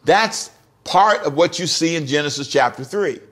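Emphatic preaching man, slightly high voice. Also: animated, normal speed, a bit bright. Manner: emphatic, repetitive preaching with direct questions to the congregation. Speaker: pastor. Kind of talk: sermon.

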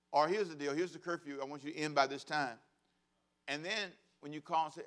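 A man's voice: on the high side, moderate pace, a bit bright. A middle-aged man preaching a sermon as pastor, conversational and humorous, asking the congregation to repeat phrases and acting out the voices of parents and children. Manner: acts out quoted voices of kids and parents.

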